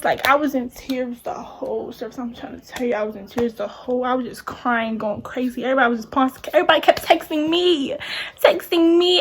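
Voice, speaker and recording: Animated young woman vlogger telling a story. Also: fairly high pitch. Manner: animated, talks with many "like"s and slang. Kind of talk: casual storytime vlog.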